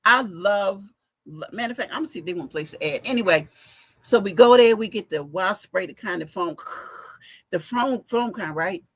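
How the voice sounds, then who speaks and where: Animated husky middle-aged woman. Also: medium pitch, moderate pace. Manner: animated, chatty, addresses viewers as y'all. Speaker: fashion week organizer giving a live update. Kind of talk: casual livestream storytelling. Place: her home basement workspace. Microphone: phone livestream.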